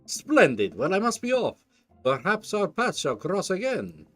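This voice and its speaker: A man voicing a gothic young man with a deliberately bad, pompous old-fashioned accent and overly formal, theatrical speech. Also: sits high, big pitch swings, vocal fry, a little mellow, breathy edge, no echo, soft background music, voice pushed up, heavily acted. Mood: grandly polite.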